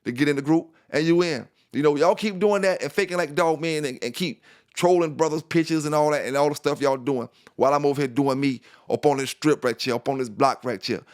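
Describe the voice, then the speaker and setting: A man's voice: fairly high pitch, a little fast. A man hosting a dog news channel, delivering a confrontational, repetitive rant at rivals. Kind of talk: casual ranting monologue.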